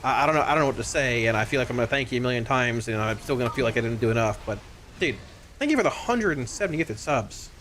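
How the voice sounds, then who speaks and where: A man streaming a game live, talking casually to his viewers, excitable and stammering, often repeating himself. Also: mid-range voice, fast, a little hiss or hum.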